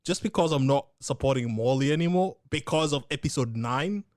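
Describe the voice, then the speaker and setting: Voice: medium pitch, expressive, fairly quick, darkish tone, no echo. A podcast co-host trading dry, teasing banter and laughing often. The voice swings up and down a lot. The sound is close and dry. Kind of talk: casual chat.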